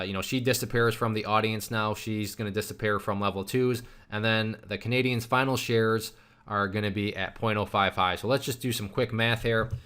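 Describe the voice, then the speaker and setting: A man with a fairly low voice gives a recorded trading lesson. He talks it through casually, asks himself rhetorical questions and often restarts his sentences. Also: fairly bright tone. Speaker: trading instructor.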